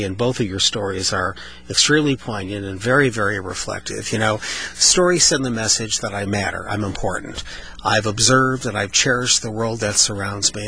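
A man's voice: on the low side, creaky, bright, forceful tone, rough recording. A man hosting a storytelling radio show, speaking casually and playfully with a studio microphone. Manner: playful, demonstrates vocal emphasis.

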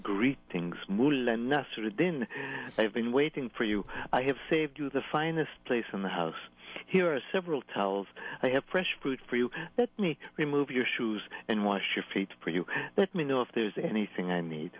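A man's voice: medium pitch, expressive, normal speed, natural voice. A man voicing a fawning male bathhouse attendant, obsequious and eager to please. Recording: tinny phone line.

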